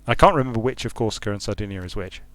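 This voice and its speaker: A man's voice: on the low side, animated, very fast, fairly bright tone, no echo, faint music behind. A man giving casual commentary while playing a strategy game, thinking aloud with frequent restarts and repeated words. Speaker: streamer and game designer.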